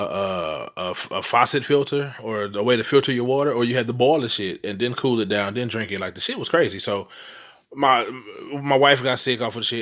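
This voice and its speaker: A man from St. Louis in middle age talks straight to his viewers in a loose, rambling monologue. His voice sits on the low side, and he swears freely and keeps checking in with his listeners as he goes. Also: a bit bright. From St. Louis, Missouri. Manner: rambling and profane, keeps asking "you know what I'm saying". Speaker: vlogger telling ghost stories. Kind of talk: casual storytelling monologue.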